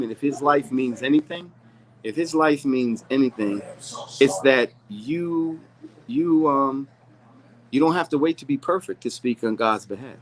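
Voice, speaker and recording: A man's voice: mid-range voice, rough recording. A man being interviewed, speaking earnestly and telling a personal story. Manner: earnest storytelling, acts out quoted voices. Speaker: rapper's manager, interview guest. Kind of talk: candid interview conversation.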